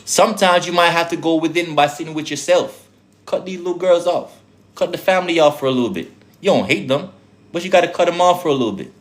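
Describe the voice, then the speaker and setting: Speaking quickly in a voice on the high side, an accented man addresses viewers as a spiritual teacher in a casual preaching style. His delivery is streetwise and profane, packed with rhetorical questions.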